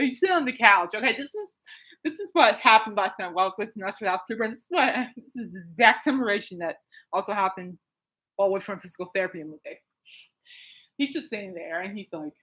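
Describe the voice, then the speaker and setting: A woman hosts her own podcast alone at home late at night. She rambles through a story with lots of fillers and asides, getting excitable as she goes. Her pitch sits right in the middle for a woman. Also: rough recording. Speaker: podcast host. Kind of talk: casual rambling monologue.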